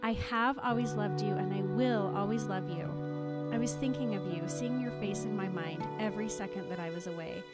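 A woman's voice: mid-range voice, normal speed, over loud music, pitched below the performer's own voice, lightly acted. A woman reading aloud the lines of a brooding young male vampire who pleads his love, in her own voice. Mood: earnest.

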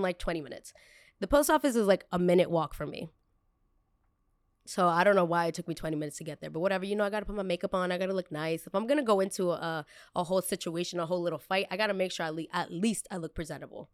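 A young woman hosting a podcast, telling a personal story in an emphatic, animated way and acting out the quoted lines. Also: lowish voice, fast talker, dry recording, clean studio sound. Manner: blunt, self-aware. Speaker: podcast host.

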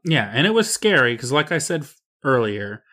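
A man's voice: medium pitch, sing-song, normal speed, sharp tone. Wry podcast co-host, man. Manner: wry, incredulous reactions. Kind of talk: casual chat.

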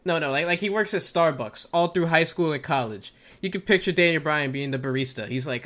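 A man co-hosting a casual comedy chat, telling animated stories and acting out quotes. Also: fairly high pitch, brisk, hardly any pauses. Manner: animated storytelling with acted-out quotes. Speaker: co-host.

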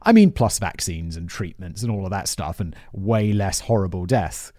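A man's voice: low voice, moderate pace, warm tone, no echo, studio quality. A man with an English accent hosting a podcast, reading a script aloud and breaking off into rambling, self-deprecating asides. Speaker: podcast host.

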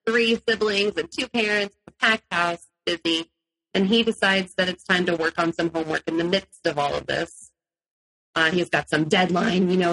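Speaking as a guest in an interview, a woman animatedly recounts her own story, acting out what others said and laughing often. Her voice is fairly low, and the recording quality is rough.

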